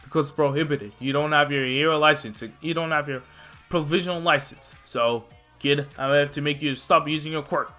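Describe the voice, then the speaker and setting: A man's voice: on the high side, steady tone, a little fast, pushed and bright, faint music behind. A man voicing a stern adult male hero who scolds and lays down the rules in a fan-made story. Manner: bossy, scolding.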